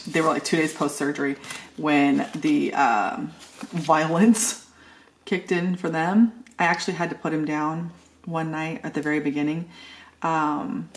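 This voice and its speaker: A woman's voice: low-pitched, steady tone, unhurried. A middle-aged woman vlogging in a casual, rambling way, telling a family story with lots of filler words. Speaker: planner vlogger. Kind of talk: casual chat.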